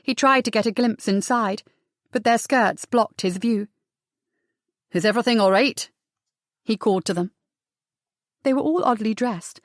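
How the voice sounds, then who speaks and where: A woman's voice: fairly high pitch, normal speed, no echo, clean studio sound. A woman narrating a historical romance audiobook steadily and expressively. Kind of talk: scripted narration.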